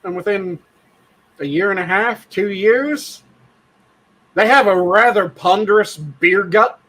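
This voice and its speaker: A man's voice: high-pitched, slow pace, bright, forceful tone, poor audio. A man co-hosting a podcast in casual chat, blunt and profane, explaining things at length. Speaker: podcast co-host.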